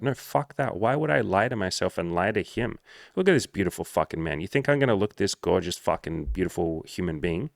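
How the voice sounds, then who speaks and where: A man with a very deep, gravelly voice gives blunt dating advice in a casual monologue. He is animated and swears freely. His voice is recorded dry and close, with no room echo. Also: brisk. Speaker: dating and social coach.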